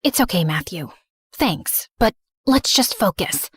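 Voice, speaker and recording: A young woman narrating an animated story in first person, earnest and emotional. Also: mid-range voice, measured pace, husky, dry recording, studio quality.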